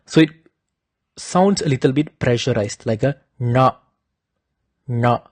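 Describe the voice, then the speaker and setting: A man slowly giving a lesson, carefully demonstrating correct pronunciation. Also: mid-range voice, animated, darkish tone, breathy edge, dry recording. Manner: slow and deliberate, demonstrating pronunciations. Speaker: teacher of Vedic chanting. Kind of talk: instructional talk.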